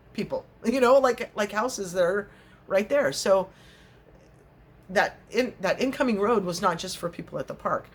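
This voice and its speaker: Middle-aged woman, casual rambling vlogger, frequent laughs. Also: fairly low pitch. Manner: chatty, laughs often, acts out little scenes. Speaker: crochet vlogger.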